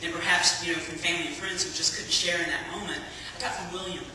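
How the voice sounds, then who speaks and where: A man's voice: on the high side, fairly even intonation, fast talker, bright, forceful tone, a little hiss or hum. A man giving a chatty personal testimony to a church congregation, telling his story with plenty of fillers. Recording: echoey hall from far off.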